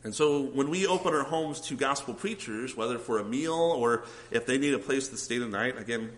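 Earnest preacher man, lively pitch. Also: moderate pace, low-quality recording. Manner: earnest, asks the congregation questions. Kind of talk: sermon.

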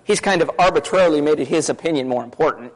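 A man preaching a sermon to his congregation, talking fast in a conversational way and asking many questions. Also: fairly high pitch, poor audio.

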